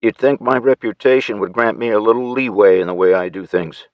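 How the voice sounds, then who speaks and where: A deep, low male voice reading an audiobook in first person, measured and steady. The sound is very dry, with no room around it. The audio is slightly dull and lo-fi. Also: no room sound. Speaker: audiobook narrator. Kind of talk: scripted first-person narration.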